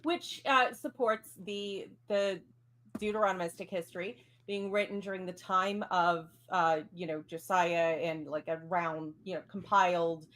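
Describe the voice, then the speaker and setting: Low-voiced woman rambling emphatically. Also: fairly even intonation, measured pace, fairly bright tone. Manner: rambling, many fillers, emphatic. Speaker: panelist. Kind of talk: casual discussion.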